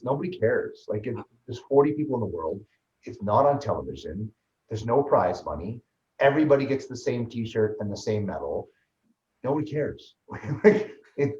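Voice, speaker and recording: A man, a guest on an interview show, telling his story in a lively, fast way with many restarts. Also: medium pitch. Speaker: guest, ultraman athlete and trainer. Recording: roomy, slightly dull sound.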